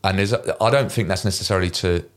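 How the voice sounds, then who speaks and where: A middle-aged Englishman with a low, deep voice tells stories from his Marine days at a brisk clip. He is animated and slips into other people's voices when he quotes them. He speaks as the guest in a casual interview. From Kent, England. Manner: animated anecdote teller, mimics voices in quoted lines. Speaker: guest, former Royal Marine.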